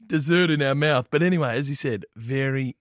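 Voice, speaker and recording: A man cohosting a podcast, trading jokes and laughing as he talks. His voice sits at an everyday middle pitch. The delivery is casual and loose. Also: fairly quick, dry recording, clean studio sound. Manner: laughing, joking. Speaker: podcast co-host.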